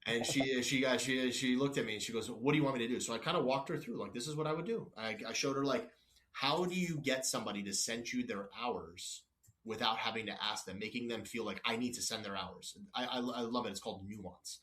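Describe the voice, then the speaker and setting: A man's voice: mid-range voice, brisk, fairly bright tone. Blunt, no-nonsense male executive. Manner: blunt, no-nonsense storytelling with quoted exchanges; frequent restarts and apologies, wanders off topic. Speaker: company executive guest. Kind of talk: casual podcast interview.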